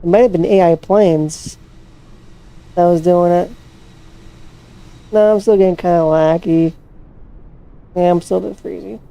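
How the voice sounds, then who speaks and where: A woman's voice: on the low side, fairly even intonation, measured pace, gravelly, pauses often, warm tone. A woman casually commenting to herself while playing a flight simulator, swearing freely as she hunts for her plane. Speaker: flight sim streamer.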